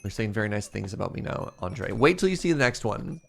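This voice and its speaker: Gravelly Canadian man chatting while gaming. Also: lowish voice, very animated, fairly quick, a bit bright, faint music behind. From Canada, prairies. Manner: playful, self-mocking, chatting with viewers. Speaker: streamer. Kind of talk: casual chat while playing a game.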